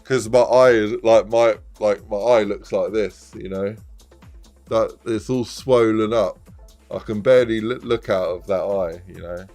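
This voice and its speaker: A man's voice: on the low side, unhurried, a little mellow, soft background music. A man in his thirties, casually telling a rambling anecdote on a live stream, laughing often.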